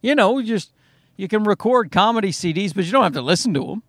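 A fairly high-voiced man in his thirties rambles through a solo comedy podcast, poking fun at himself and swearing as he goes. His delivery swoops around animatedly, and the close microphone sound is dry and free of room echo. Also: expressive, fast talker, fairly bright tone. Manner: rambling, self-deprecating, profane, with frequent restarts. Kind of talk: casual solo podcast monologue.

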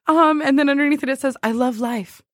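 A woman's voice: sits high, normal speed, no echo, clean studio sound. A woman hosting a casual chat, reading out dating-app messages with lots of giggling. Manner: giggly, animated storytelling. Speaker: podcast host.

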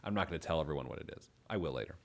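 A man's voice: extremely low pitch, lively intonation, racing. A man hosting a casual radio talk show about money, playful and self-mocking, laughing often. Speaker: financial radio show host.

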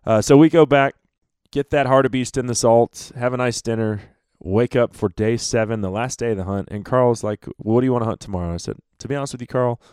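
A man hosting a podcast, telling a hunting story in a lively way, acting out what others said and laughing often. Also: mid-range voice, brisk, smooth, no room sound, clean studio sound. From North America. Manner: animated storyteller, acts out quotes, laughs often. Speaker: podcast host.

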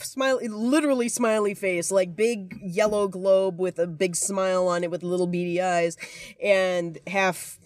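A woman's voice: medium pitch, fairly even intonation, measured pace, no room sound, clean studio sound. A woman co-hosting a casual movie chat, eagerly retelling a film's plot and laughing often. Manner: enthusiastic, laughs often while explaining plots. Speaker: podcast co-host.

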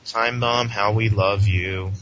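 This podcast co-host has a lowish voice and a slow pace, and he rants with sarcasm and mockery, full of animation, in a casual comic book discussion. Sound quality is lo-fi and dull, carrying a faint hiss.

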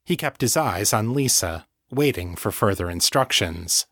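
Slow, deep-voiced male audiobook narrator. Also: expressive, fairly bright tone, no echo, clean studio sound. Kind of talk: scripted narration.

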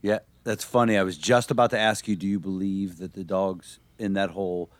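A man's voice: low voice, fairly even intonation, fairly quick, no echo. A man co-hosting a podcast, asking long, rambling, joking questions. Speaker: podcast co-host.

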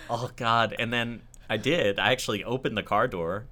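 Deep-voiced man telling a personal story. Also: normal speed. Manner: self-deprecating, animated retelling with laughs. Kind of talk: casual conversation, personal storytelling.

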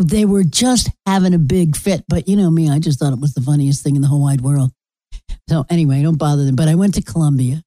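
A woman's voice: lowish voice, warm tone, no room sound. A middle-aged woman hosting her own podcast, telling rambling, blunt and sometimes profane stories in a casual monologue. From Florida resident. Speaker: podcast host.

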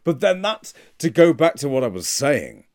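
A man's voice: mid-range voice, sing-song, moderate pace, darkish tone. A man co-hosting a casual podcast chat, responsive and encouraging. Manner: responsive, encouraging, amused listener. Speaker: podcast co-host.

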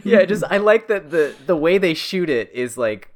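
Lively man analyzing film shots. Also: a little high, normal speed. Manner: analytical, acts out characters' reactions. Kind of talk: casual film discussion.

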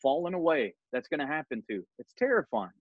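A man's voice: fairly high pitch, very animated, brisk, husky, no room sound, lo-fi sound. A man hosting a podcast who leads a Bible study conversation, reading scripture aloud and making his points with earnest emphasis. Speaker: podcast host.

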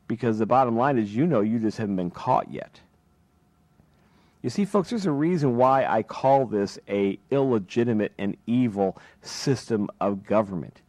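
A man with a mid-range, slightly mellow voice hosts a talk radio show, speaking into a studio microphone with no echo. He delivers a passionate political monologue packed with rhetorical questions.

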